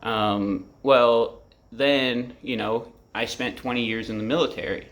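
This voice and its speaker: Recorded at home in his apartment, a man in his forties speaks to camera in a candid, rambling vlog about his feelings, full of profanity and fillers. His voice is medium-pitched and fairly bright, with a steady tone and a slightly slow pace.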